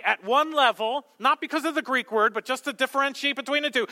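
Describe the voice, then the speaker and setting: A man's voice: extremely high pitch, a little fast, few pauses, bright, forceful tone. A man preaching a sermon, acting out the lines of the people in his story, sometimes dropping to a whisper. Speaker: pastor.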